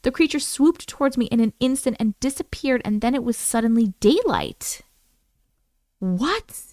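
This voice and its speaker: A woman hosting a live stream, reading viewer stories aloud and reacting with animated exclamations and swearing. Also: on the high side, normal speed, dry recording.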